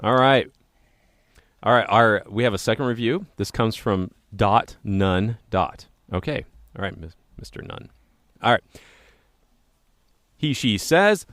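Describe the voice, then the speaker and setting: Casting: American male podcast host, animated sing-song delivery, a touch low, dry close mic. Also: a little slow, long pauses, dry recording. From United States. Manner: upbeat, playful joking intro. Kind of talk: casual podcast chat.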